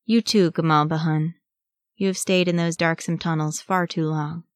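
Brief: female narrator doing a gruff, raspy old dwarf king, low and dry. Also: steady tone, moderate pace, no echo, close to an everyday voice. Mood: stern. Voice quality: raspy, muttering. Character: old male dwarf king, stern and weary.

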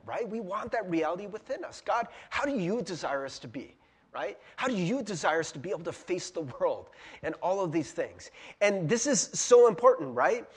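A man's voice: sits high, lively intonation, normal speed, breathy edge. A man, the pastor, preaching a sermon in a casual, conversational way, often tossing in "right?" and laughing at himself. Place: church sanctuary. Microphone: handheld or stand mic.

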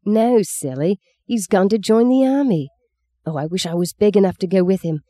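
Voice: medium pitch, normal speed, mellow, no echo, studio quality, voice pushed up, lightly acted. A reader playing a cocky young boy. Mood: scornful. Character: cocky young boy, older brother, scornful.

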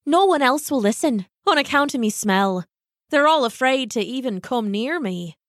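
A woman's voice: sits high, lively intonation, normal speed, a bit bright, no echo, studio quality. A woman voicing a lonely wandering man in a storybook reading, speaking earnestly with a lilt. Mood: plaintive. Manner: earnest, emotional, tearful at times. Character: lonely wandering Irish male singer.

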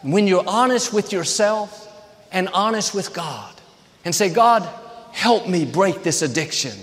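A man's voice: sits high, animated, measured pace, fairly bright tone, in a large hall. A man preaching a sermon as a pastor, earnest and building to emphatic peaks.

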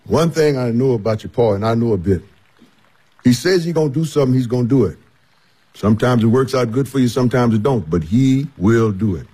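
An actor playing an easygoing older household servant who chuckles often and talks in a folksy way. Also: male voice, medium pitch, lively intonation, brisk, dark tone, husky.

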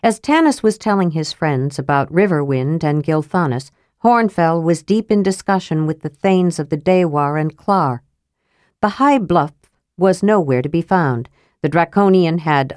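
A woman narrating a fantasy audiobook in a steady, even reading voice. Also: low voice, dry recording, studio quality.

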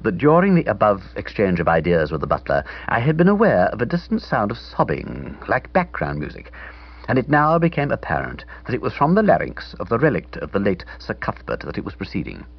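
A man's voice: fairly low pitch, wildly swooping pitch, fairly quick, slightly rough, highs cut off. A man narrating a comic novel in the first person, in a wry, theatrical reading style. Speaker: audiobook narrator.

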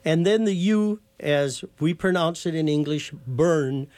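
A man's voice: on the high side, unhurried, a little mellow. A man with a slightly raised speaking voice explains things patiently, in the manner of a lecturer. He now and then spells words out letter by letter as a guest on a talk show. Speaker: guest from a heritage foundation.

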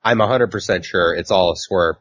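A man's voice: low-pitched, fairly quick, a bit bright, no room sound. A man co-hosting a casual comic book podcast, recapping a story in a rambling way with lots of fillers. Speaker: podcast co-host. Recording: dull, lo-fi mic.

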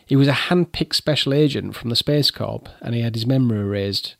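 A man's voice: medium pitch, a little fast, creaky, dry recording, studio quality. A man co-hosting a podcast, recapping with amused, chuckling casual chat. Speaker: podcast co-host.

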